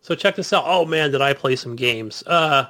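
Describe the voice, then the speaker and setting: A man's voice: medium pitch, moderate pace, bright, forceful tone. A middle-aged man co-hosting a gaming podcast, telling stories and laughing at himself. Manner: chatty storyteller, laughs at himself. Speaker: podcast co-host. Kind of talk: casual chat.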